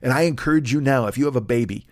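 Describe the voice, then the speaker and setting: A man's voice: mid-range voice, very fast, a little mellow, no room sound, clean studio sound. A middle-aged man hosting a solo comedy podcast, rambling profanely and acting out bits in put-on voices.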